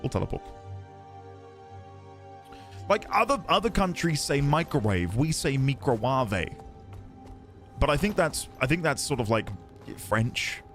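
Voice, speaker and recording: A man's voice: a little high, big pitch swings, moderate pace, a bit bright, faint music behind. A British man casually chatting and rambling while streaming a game, laughing easily and answering his chat. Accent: British English. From United Kingdom.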